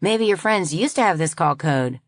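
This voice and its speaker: A woman's voice: on the low side, animated, normal speed, no room sound, clean studio sound. A woman voicing a friendly young woman who answers the phone at a pizza shop. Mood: chirpy. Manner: friendly, chirpy.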